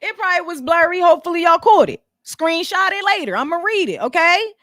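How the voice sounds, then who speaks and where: A woman's voice: very high voice, expressive, a little fast, a bit bright, no echo, clean studio sound. A woman hosting a casual commentary vlog, blunt and profane as she walks her viewers through business details. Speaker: commentary channel host.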